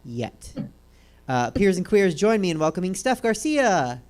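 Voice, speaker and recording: A woman's voice: fairly low pitch, big pitch swings, a little slow, darkish tone. A woman hosting a comedy talk show, joking in a dry way and introducing guests.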